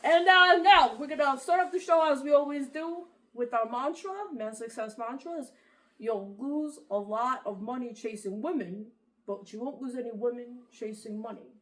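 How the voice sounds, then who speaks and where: Comedy sketch: a woman plays a cocky, high-voiced macho self-help host who brags and rambles. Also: normal speed, fairly bright tone, close to an everyday voice. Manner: boastful, rambling, vain. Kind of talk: comedic talk-show sketch.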